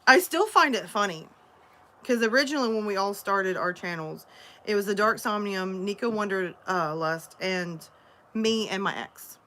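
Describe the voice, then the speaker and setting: Lady rambling thru stories on a stream, medium pitch, chatty. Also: expressive, moderate pace, fairly bright tone. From Alabama. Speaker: story narrator and streamer. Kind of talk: casual livestream chat.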